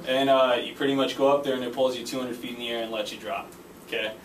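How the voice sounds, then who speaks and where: A man's voice: medium pitch, fairly even intonation, quick pace. A young man giving a casual personal speech, full of fillers like "uh" and "pretty much". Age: young adult. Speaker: speaker giving a class speech. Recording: roomy echo, from far off, faint background noise.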